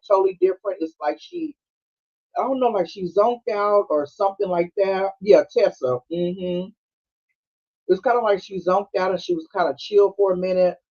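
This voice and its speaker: On his casual podcast, a high-voiced man walks through a movie scene by scene with a Black flavor, acting out the characters' lines and laughing a lot. The streaming audio sounds somewhat dull and lo-fi.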